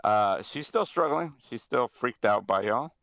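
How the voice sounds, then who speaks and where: A male game master narrates a tabletop game in an easygoing way, pausing on fillers and correcting himself. His voice is gravelly yet bright and forward. The sound is close and dry, with no room echo. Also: mid-range voice. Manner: relaxed, with hesitant fillers and self-corrections.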